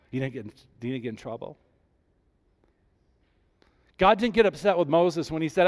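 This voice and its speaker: A man preaching a sermon, rising with emphasis and dropping low and soft when he voices God's words. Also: lively intonation, fairly quick. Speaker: pastor.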